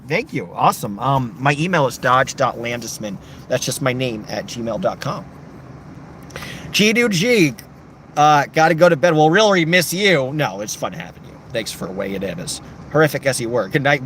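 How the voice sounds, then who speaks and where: Reading chat aloud in shifting voices, a young man jokes his way through a late-night stream. His voice sits on the high side with a fairly bright tone, and there's a little hiss or hum.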